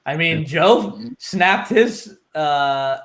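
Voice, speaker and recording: A man hosting a casual livestream, talking in a relaxed, rambling way and laughing often. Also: fairly high pitch, slow. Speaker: host.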